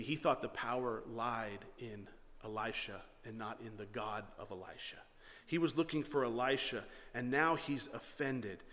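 A man preaching a sermon, telling a story with animated energy and many rhetorical questions. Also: medium pitch, long reverb tail. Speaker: pastor.

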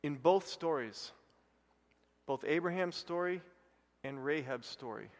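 A male pastor preaching a sermon, telling a personal story and rising to loud, excited bursts. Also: on the high side, a little slow. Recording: long hall reverb.

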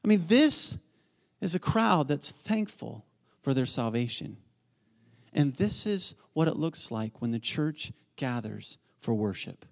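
A man preaching a sermon as pastor, building from quiet lines to excited, loud calls. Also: medium pitch, takes it slowly, gravelly. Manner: animated, swings from quiet to near-shouting.

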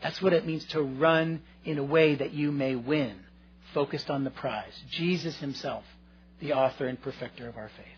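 A man's voice: mid-range voice, normal speed, muffled recording, slight background noise. A male pastor preaching a sermon, earnest and conversational, addressing his listeners directly.

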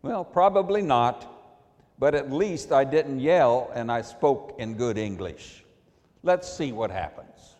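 A man quoting his exasperated wife as she corrects him in a chiding, matter-of-fact way, in his own unhurried voice with long hall reverb. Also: medium pitch, lively intonation, a little mellow.

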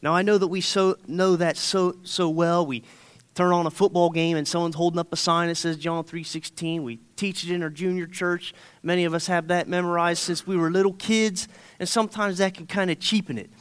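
A man in his thirties preaching a sermon, folksy and conversational, often checking in with the congregation. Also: fairly high pitch. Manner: folksy, storytelling, often asks okay?.

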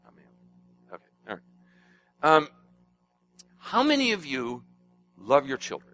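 A man preaching a sermon, animated and swinging between hushed and emphatic passages while he quizzes the congregation. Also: on the high side, a little slow, poor audio. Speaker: pastor.

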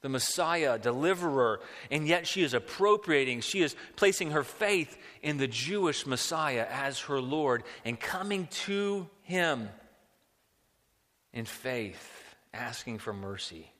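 A man preaching a sermon in an animated way, asking rhetorical questions and often repeating words. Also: mid-range voice, slow. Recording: long hall reverb.

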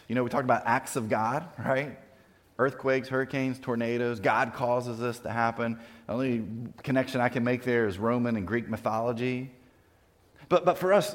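Earnest male pastor in a reverberant hall. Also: fairly low pitch. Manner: earnest, conversational preaching with frequent restarts. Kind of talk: sermon.

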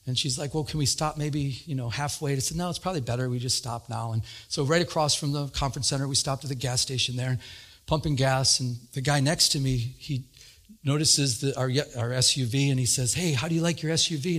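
A man preaching a sermon, telling a personal story with lively retold dialogue and growing excitement. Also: mid-range voice. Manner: animated, retells dialogue with rising excitement. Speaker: pastor.

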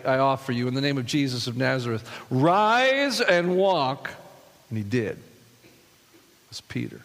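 A man's voice: mid-range voice, long reverb tail. A male pastor preaching a sermon, reading scripture aloud and then reflecting on it with rhetorical questions.

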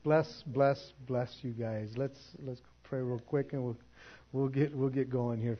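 A middle-aged man preaching to his congregation, telling a story with animated quoted voices before moving into prayer and announcements. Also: mid-range voice, unhurried, highs cut off. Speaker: pastor. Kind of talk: sermon. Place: church.

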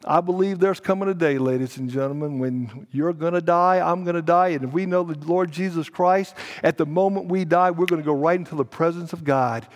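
A middle-aged man, a pastor preaching a sermon, telling a story dramatically and swinging between hushed and loud. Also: on the high side, a little fast. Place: church sanctuary. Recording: long church hall reverb.

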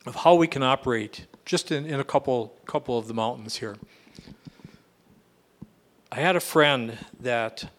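A man's voice: mid-range voice, fairly bright tone. A man preaching a sermon in an earnest, emphatic way, often restarting and repeating phrases as he goes.

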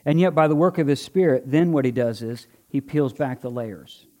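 A man's voice: medium pitch, moderate pace, warm tone. A man preaching a sermon to a congregation in an earnest, conversational way, joking now and then while doing a live object lesson. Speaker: pastor. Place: church before a congregation.

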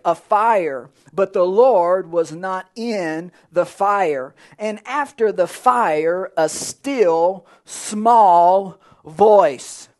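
High-voiced preaching man, loud to hushed. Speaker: pastor. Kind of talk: sermon. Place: church.

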